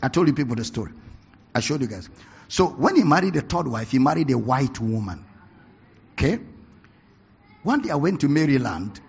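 A man preaching a sermon, telling stories with animated bursts of laughter and shouting. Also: medium pitch, normal speed, creaky, pauses often, husky. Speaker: pastor. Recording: dull lo-fi recording.

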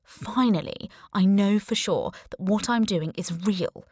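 A woman voicing Giles, an excitable, conspiracy-minded young man who talks in eager, earnest bursts. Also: mid-range voice, unhurried, husky, no room sound, studio quality.

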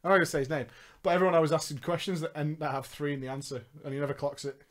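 A woman's voice: deep voice, steady tone, racing. A woman casually telling a funny story on a podcast, swearing often, laughing and mocking as she goes.

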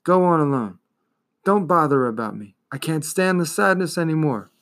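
A man voicing a weary, despairing little male horse, speaking softly and low in a storybook reading. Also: lively intonation, normal speed.

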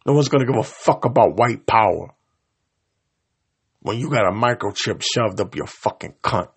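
Man, gravelly voice, husky edge, vulgar confrontational rant, loud bursts and low mutters. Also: animated, normal speed. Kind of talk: profane angry rant to camera.

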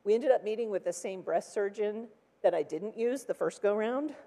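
A woman's voice: mid-range voice, moderate pace, warm tone, in a large hall. A woman in her sixties giving a personal testimony from a church pulpit, chatty and full of "like" and acted-out quotes. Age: 60s. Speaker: church speaker. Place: large church hall.

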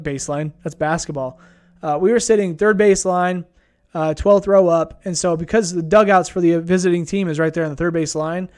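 A young man casually telling a travel story in a laid-back, rambling way with lots of fillers. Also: sits high. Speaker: vlogger.

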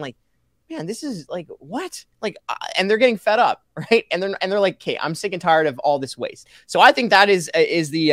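A man from Canada with a high, very lively voice, talking as an animated podcast guest. He rattles off example after example with sarcasm and quick laughs. The sound is close and dry. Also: no room sound. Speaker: guest, taxpayer advocate.

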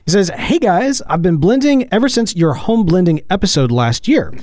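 A man's voice: high voice, very animated, normal speed, darkish tone. A man co-hosting a casual podcast, joking along and reading out listener questions. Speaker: podcast co-host.

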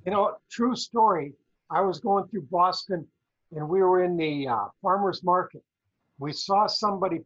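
Brief: chatty male co-host, high voice, muffled lo-fi sound, rambling and playful. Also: moderate pace, fairly bright tone. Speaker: co-host, former professor. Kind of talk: casual talk-show chat. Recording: dull lo-fi audio.

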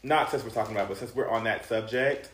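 A man's voice: lowish voice, fast, fairly bright tone, reverberant. A man co-hosting a casual podcast chat who talks emphatically and repeats lines for effect. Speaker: podcast co-host.

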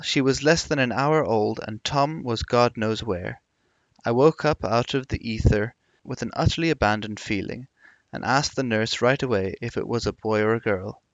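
A man's voice: mid-range voice, normal speed, no echo, lightly acted. Give me a man reading as a restless cynical young society woman, theatrical and brittle, in a dry, dull-sounding recording. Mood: wistful cynical.

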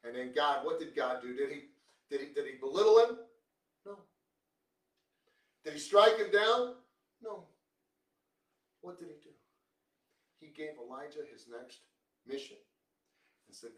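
A male preacher giving a sermon, emphatic, posing rhetorical questions and swinging between quiet and loud. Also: a little high, expressive, unhurried, pauses often, distant mic. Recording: roomy, from off the mic.

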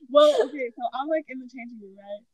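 A woman's voice: high voice, a little mellow, no echo, poor audio. A woman co-hosting a casual chat, telling stories animatedly and laughing often. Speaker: podcast co-host.

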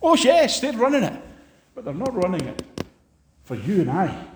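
A man preaching a sermon, impassioned, swinging sharply between loud and quiet. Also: wildly swooping pitch, normal speed, a little hiss or hum. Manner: impassioned, rises and drops sharply in pitch and volume. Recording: long hall reverb.

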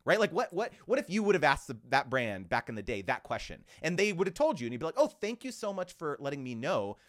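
A man chats as a podcast guest, giving advice in a loose conversational way. His pitch swings widely as he acts out little bits of quoted dialogue. Fillers like "like" and "you know" run through his talk. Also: big pitch swings, fast talker.

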